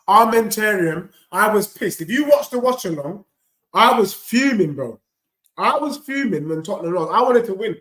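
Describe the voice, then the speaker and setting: A man hosting a live football watchalong, bantering with chat and shouting when goals go in. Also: high-pitched, animated, normal speed, reverberant. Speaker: watchalong host.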